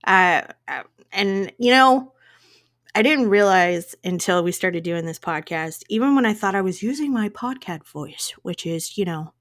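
A woman with a regional accent co-hosts a casual podcast, chatting away and laughing often as she jokes about how she pronounces things. Her mid-range voice is unhurried and fairly bright, with lively intonation.

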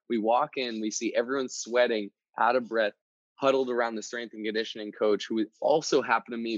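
A man of middle pitch tells a story in a casual, animated manner, often restarting and repeating words. The recording sounds dry, with no room around it, and slightly muffled. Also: no echo. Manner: energetic, conversational, repeats words. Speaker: motivational podcast host.

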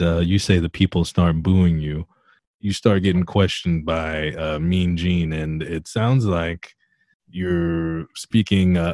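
Low-voiced, earnest male interviewer. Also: a little mellow, no echo, clean studio sound. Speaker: interviewer host.

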